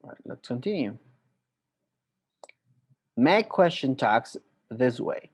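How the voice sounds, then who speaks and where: Slow, deliberate male English teacher. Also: medium pitch, big pitch swings, slightly rough. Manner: slow, deliberate explaining with spoken examples. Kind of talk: online grammar lesson.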